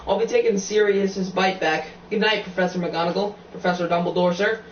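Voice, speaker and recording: A huge, soft-hearted giant talks humbly, stumbling over his words, as a man reading a storybook puts him on. The voice is fairly high and a little muffled, set back in an echoey room. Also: fairly even intonation, fairly quick, recorded from a distance, slight background noise, close to an everyday voice. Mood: tearful. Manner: humble, tearful, stammering.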